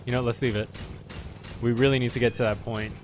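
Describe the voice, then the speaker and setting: Profane excitable man gaming. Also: mid-range voice, quick pace, soft background music. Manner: profane, excitable, yelps at enemies. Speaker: gamer. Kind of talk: let's play commentary.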